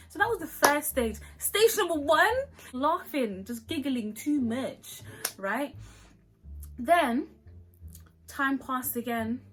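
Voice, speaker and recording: A young woman tells a story to camera, laughing often and slipping into acted-out voices. Her voice is bright and forward, with faint music underneath. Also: mid-range voice, low-quality recording. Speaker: vlogger telling a story.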